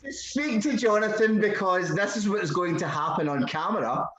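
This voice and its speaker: Scottish male host, slightly high voice, chatty and rambling, echoey room sound. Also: moderate pace, slight background noise. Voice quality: chatty, warm-hearted, rambling with fillers. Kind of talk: casual video chat. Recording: roomy echo.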